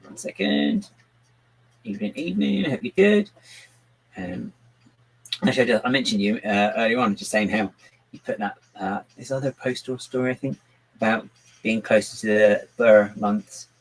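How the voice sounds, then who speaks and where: A man's voice: on the low side, animated, moderate pace, long pauses, low-quality recording. A man chatting casually on a live stream while building, muttering to himself and to a pet on his lap. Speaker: livestreaming brick builder.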